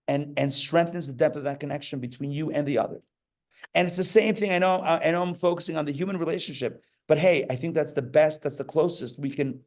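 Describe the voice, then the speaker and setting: Animated rabbi with a gravelly voice. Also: male voice, fairly high pitch. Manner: animated, acts out quoted voices, jokey asides. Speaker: rabbi teaching a class. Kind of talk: lively sermon. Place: live class before an audience.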